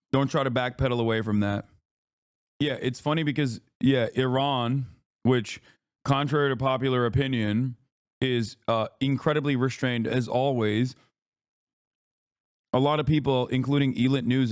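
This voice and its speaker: A man streaming live, reacting to political chat and news in heated, profane, sarcastic rants, with some quick read-alouds. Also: mid-range voice, clean tone, no room sound, clean studio sound. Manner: reads news aloud in a fast flat delivery.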